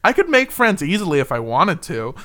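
Animated man hosting a podcast. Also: on the high side, brisk. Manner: animated, reads quotes aloud and laughs easily. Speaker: podcast host. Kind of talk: casual podcast storytelling.

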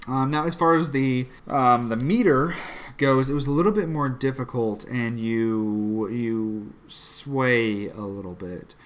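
A man hosting a podcast, picking a poem apart line by line with slow, unhurried delivery. He talks in a halting, analytical way, often sounding out the rhythm in beats. His voice sits at an ordinary middle pitch. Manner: analytical, halting, chants out the meter. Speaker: podcast host critiquing a poem. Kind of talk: casual podcast chat.

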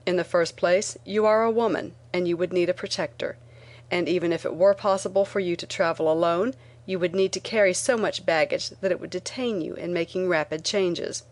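A woman reading an audiobook voices a blunt, dismissive male business manager who speaks in flat, firm refusals. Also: on the low side, a little fast, lightly acted.

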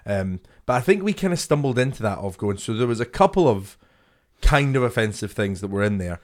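A man's voice: lowish voice, lively intonation, brisk. A young man, a comedian co-hosting a podcast, telling sweary stories in casual chat and laughing often.

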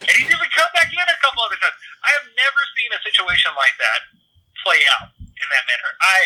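Bright animated man telling stories. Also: sits high, fast, slight background noise, poor audio. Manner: animated, acts out quoted voices. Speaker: brewery staff guest. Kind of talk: casual storytelling.

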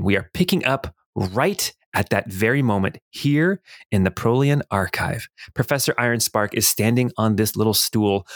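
A man running a tabletop game as game master, recapping the last session in a relaxed, loose way. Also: on the low side, dry recording, clean studio sound. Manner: relaxed, with frequent ums and laughs.

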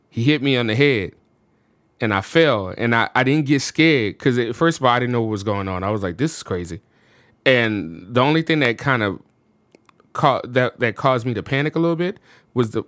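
A man's voice: medium pitch, no room sound. A man from the United States, a podcast guest, telling a personal story casually and with animation. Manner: animated, with frequent fillers like "you know what I'm saying".

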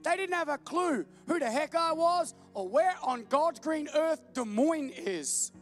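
A man preaching with a very high, light voice, joking about himself and breaking into laughter as he tells stories. Faint music sits under his sermon. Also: a little slow. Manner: self-deprecating, animated storytelling with laughs. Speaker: pastor. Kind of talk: humorous sermon.

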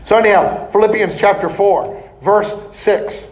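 High-voiced folksy preacher man. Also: a little slow, a little hiss or hum. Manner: animated, folksy, laughs often. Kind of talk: sermon. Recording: echoey room.

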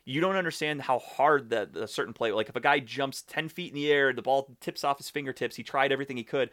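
A man's voice: medium pitch, fast talker, dry recording, studio quality. A man from ranting about football in casual, profane sports talk as a podcast co-host. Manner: blunt, profane, animated ranting.

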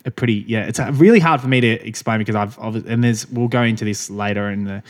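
A man's voice: fairly low pitch, fast. A young man from Australia co-hosting a podcast in casual chat, rambling with frequent restarts and laughs. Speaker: podcast co-host.

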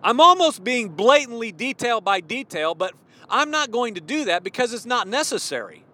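A man in his forties preaching a fervent, worked-up sermon, at times yelling. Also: very high-pitched, very animated, moderate pace. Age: 40s. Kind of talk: impassioned sermon.

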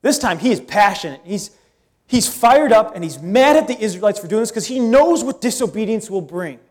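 High-voiced pastor telling a lively sermon. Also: male voice, a little fast. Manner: animated storytelling, casual asides.

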